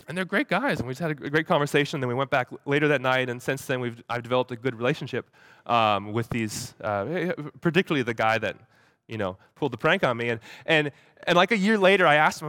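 At a church gathering, a young man shares a story, his mid-range voice pushed and bright. He stumbles through many repeated words yet brings quoted people to life with animated voices, all in clean studio sound with no echo.

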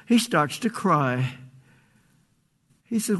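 Older man preaching earnestly, high voice. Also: lively intonation. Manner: earnest pleading, drawn-out emphatic phrases. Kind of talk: sermon.

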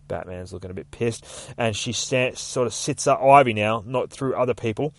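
A man's voice: medium pitch, normal speed, few pauses, no room sound. Casual, profane man recapping a comic. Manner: casual and profane, with rough shouted character voices. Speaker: comic book podcast host. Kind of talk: reading and recapping a comic aloud.

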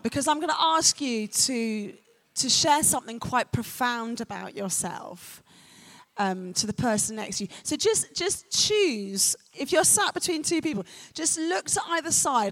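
A woman's voice: high voice, gravelly, sharp tone. A woman with a London accent, a youth worker speaking to a festival crowd in a chatty, playful way. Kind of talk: lively talk to a festival audience. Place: stage in a large festival tent.

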